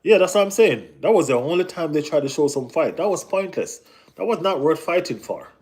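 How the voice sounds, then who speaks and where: A man hosting a casual live football chat, talking in an animated way with lots of slang and repeated phrases. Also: fairly high pitch, brisk. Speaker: football channel host.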